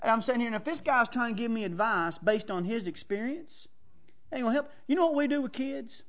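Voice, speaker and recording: A man's voice: very high voice, lively intonation, a little fast, a bit bright. Folksy man preaching. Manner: chatty, acts out quotes, laughs often. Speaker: preacher teaching on counsel. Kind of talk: folksy sermon storytelling.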